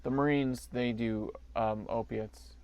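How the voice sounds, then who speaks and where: A man's voice: medium pitch, steady tone, slow, smooth, no echo, lo-fi sound. A man co-hosting a podcast, riffing on a movie in jokey, rambling banter and laughing often. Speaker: podcast co-host.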